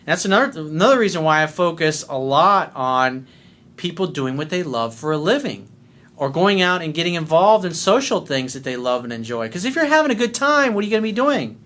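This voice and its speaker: A man talking as a life coach in a casual monologue, loud, blunt and full of swearing, smiling as he speaks. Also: a little high, very animated, fairly quick. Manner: blunt and profane.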